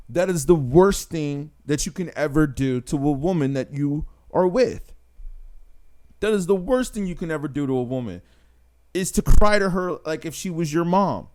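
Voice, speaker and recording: A man's voice: a little high, expressive, normal speed, darkish tone. A man, hosting a channel and talking bluntly and emphatically, often tagging lines with "man" and "right?". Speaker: channel host. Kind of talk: casual monologue to camera.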